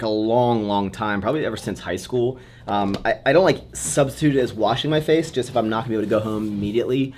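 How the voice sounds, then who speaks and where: A man's voice: medium pitch, a little hiss or hum. Chatty young man vlogging casually. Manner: upbeat, rambling, lots of fillers. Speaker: fitness vlogger. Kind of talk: casual vlog chat. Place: gym, office and car.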